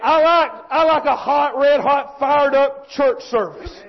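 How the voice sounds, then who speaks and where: A man preaching a fervent, folksy sermon that often rises into shouting. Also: extremely high pitch, a little slow. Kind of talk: fiery sermon. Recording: dull lo-fi sound.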